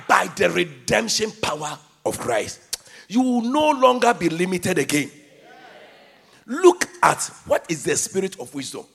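High, lively, gravelly-voiced shouting preacher. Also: male voice, unhurried. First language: not English. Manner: call-and-response, shouting emphatic lines. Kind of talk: sermon.

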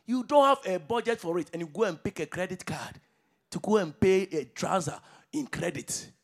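A man preaches a fervent sermon, calling out to his congregation and swinging from shouted declarations to low, hushed lines. His voice sits high and husky, with a gravelly fry. The pitch leaps around with wild animation. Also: expressive, normal speed. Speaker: pastor.

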